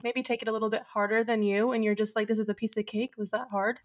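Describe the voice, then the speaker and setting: Woman, podcast host, casual chat, chatty, slightly high pitch. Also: little pitch movement, quick pace.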